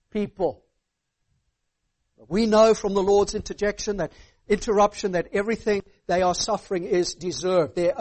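A man's voice: sits high, a little mellow. A man preaching a sermon, stressing words and checking in with "all right?". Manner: emphatic, asks the hearers "all right?" often.

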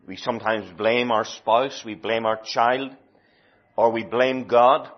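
A man preaching a sermon in a slow, deliberate and emphatic way, stretching key words. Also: mid-range voice, steady tone. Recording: dull lo-fi recording.

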